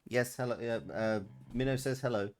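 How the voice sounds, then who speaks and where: A man's voice: medium pitch, moderate pace, darkish tone, faint music behind. A man streaming a game live, chatting casually and reading out chat messages between plays. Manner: chatty, rambling, reads chat aloud. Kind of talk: casual live gaming commentary.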